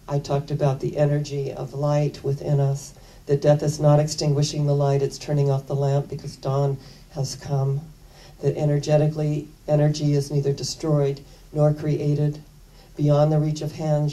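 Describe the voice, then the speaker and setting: A woman minister telling a personal story in a sermon, chatty and animated, acting out the dialogue as she goes. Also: sits low, far from the mic, rough recording.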